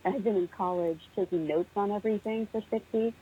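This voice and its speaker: A young woman calling in to a podcast, chatty and excited, laughing often, heard over a tinny phone line. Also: medium pitch, fairly quick, slightly rough. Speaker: podcast caller. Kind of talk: casual voicemail chat.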